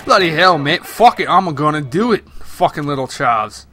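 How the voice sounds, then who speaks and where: A man voicing a brash young British male gamer buddy in a poorly faked British accent, loud and crude. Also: fairly high pitch, lively intonation, normal speed.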